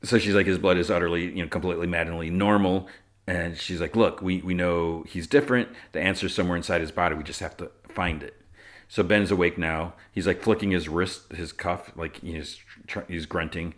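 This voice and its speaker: A man's voice: low-pitched, steady tone, a little fast, fairly bright tone. A man hosting a podcast, casually recapping a TV episode and quoting the characters' lines in his own voice. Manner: retells scenes, quoting lines in his own voice, with fillers and laughs. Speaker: podcast host.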